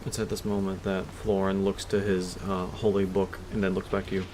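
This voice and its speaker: A man narrating as game master of a tabletop game, explaining things quickly. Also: low-pitched, little pitch movement, a little mellow, slight background noise.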